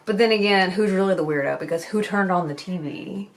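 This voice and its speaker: A woman's voice: mid-range voice, brisk. A young woman chatting candidly as a beauty vlogger while she does her makeup, swearing casually as she goes.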